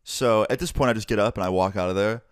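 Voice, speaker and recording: A man's voice: fairly low pitch, fast talker, clear, resonant tone, no room sound, clean studio sound. A young man casually telling a storytime about his school days, acting out the dialogue as he goes. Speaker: YouTuber. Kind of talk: storytime narration.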